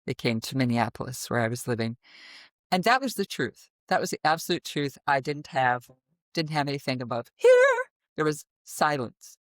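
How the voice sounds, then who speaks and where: A woman from the American Midwest with a naturally deep voice, an interview guest telling her story expressively and animatedly. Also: moderate pace, no room sound, studio quality. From middle of the United States. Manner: expressive, animated storytelling with sudden vocal demonstrations. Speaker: guest, voice teacher. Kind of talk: conversational interview.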